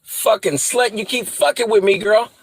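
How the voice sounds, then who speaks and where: A man's voice: sits high, normal speed, vocal fry, breathy edge, no echo, low-quality recording. A man ranting angrily to his viewers, profane and threatening, repeating insults over and over. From US Midwest. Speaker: vlogger. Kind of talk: angry rant to camera.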